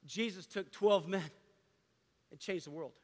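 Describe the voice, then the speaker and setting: A man preaching a sermon to a gathering of men, impassioned, dropping to a hush and rising again. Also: sits high, measured pace. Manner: impassioned preaching, swinging between loud and hushed. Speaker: pastor. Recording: long hall reverb.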